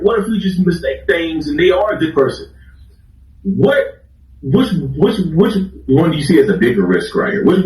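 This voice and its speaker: A man hosting a casual livestream, giving relationship advice to viewers in an animated, repetitive way and talking straight to them. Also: mid-range voice, reverberant, far from the mic, poor audio.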